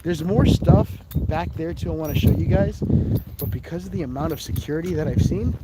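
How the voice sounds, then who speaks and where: Heavy background noise surrounds a man speaking at normal speed in a fairly high voice. He's outdoors in a cemetery hosting a live ghost-hunting stream, chatting casually as he explores and rambling with laughs and asides.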